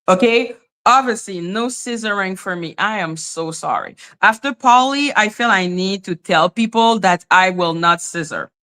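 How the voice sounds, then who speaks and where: A woman hosting a casual livestream, chatting with viewers in an animated way, laughing often and swearing freely. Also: mid-range voice, moderate pace, few pauses. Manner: animated, laughing, frequent profanity. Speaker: livestream host. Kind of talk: casual livestream chat reading comments.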